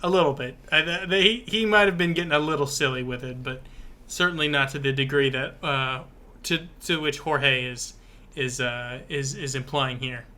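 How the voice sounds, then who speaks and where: A man co-hosting a casual book podcast, explaining plot points in a halting way, full of restarts. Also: medium pitch, pushed and bright. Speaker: podcast co-host.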